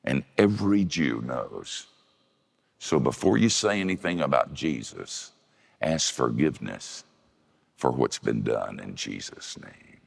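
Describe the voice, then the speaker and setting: Older guy preaching, real deep gravelly voice, slow and swoopy, long echo like a big hall. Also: expressive. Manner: gravelly, folksy storytelling with shifts into high voices for quoted women. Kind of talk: sermon.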